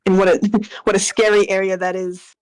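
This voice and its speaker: A woman's voice: mid-range voice, flat delivery, a little fast, smooth, low-quality recording. A woman chatting casually on a live stream with friends, playful and teasing, laughing often.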